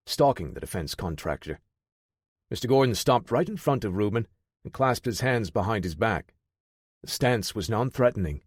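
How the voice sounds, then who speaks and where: Low-voiced male audiobook narrator. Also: dry recording, studio quality.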